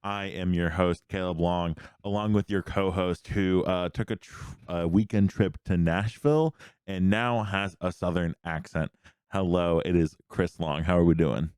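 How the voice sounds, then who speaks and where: Deep-voiced man hosting a sports podcast. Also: a little mellow, clean tone, no room sound, clean studio sound. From Pennsylvania. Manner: quick, rambling recap of scores. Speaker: host. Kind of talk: casual sports podcast chat.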